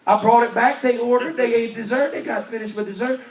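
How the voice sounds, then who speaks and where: A male evangelist, preaching a storytelling sermon and swinging from loud emphasis to hushed asides, recorded in a church. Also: very high-pitched, fairly even intonation, brisk. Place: church sanctuary. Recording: roomy church recording from a distance.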